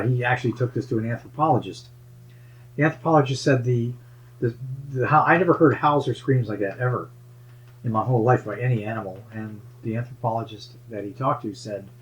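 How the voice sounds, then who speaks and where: A man's voice: medium pitch, a little fast, highs cut off. A man musing about hidden bases and strange sightings in a wandering, conspiratorial way. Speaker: paranormal investigator, show regular. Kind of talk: casual chat.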